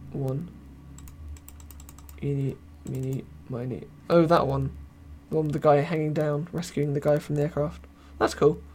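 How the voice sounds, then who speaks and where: Tired young British man, slightly high voice. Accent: British English. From Britain. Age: young adult. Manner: rambling, self-mocking, reads chat aloud. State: tired, voice wearing thin. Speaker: podcast host. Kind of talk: casual live podcast chat.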